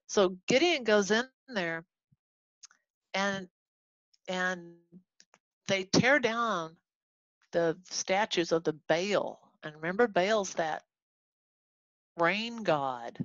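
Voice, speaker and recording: A woman from Texas teaching a casual Bible lesson to a class, animated and chatty, acting out the people in the story as she goes. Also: medium pitch, drawn-out words, long pauses, dry recording. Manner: animated, acts out quoted voices, chatty asides. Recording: dull lo-fi recording.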